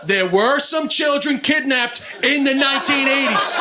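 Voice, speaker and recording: A man doing a stand-up routine, shouting his punchlines in a mock-serious way, recorded live. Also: extremely high pitch, measured pace. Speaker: stand-up comedian. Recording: live club recording with loud crowd and noise. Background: audience laughter and noise.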